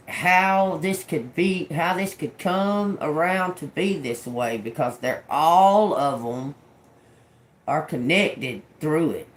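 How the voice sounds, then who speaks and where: A man's voice: on the high side, slow. A man doing a casual tarot reading, rambling and cursing, often repeating single words as they come to him. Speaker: tarot reader.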